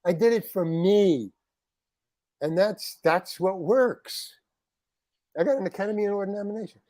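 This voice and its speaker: Animated storytelling man, dry close sound. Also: high-pitched, unhurried, dry recording. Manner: animated, acts out other people's lines in quotes, frequent restarts. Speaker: interview guest, actor. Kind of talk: anecdotal storytelling in a podcast chat.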